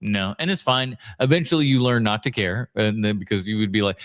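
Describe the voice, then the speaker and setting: A man hosting a podcast, chatting casually and reacting to clips with frequent pauses and fillers. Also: fairly low pitch, fairly bright tone. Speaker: podcast host. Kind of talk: casual commentary.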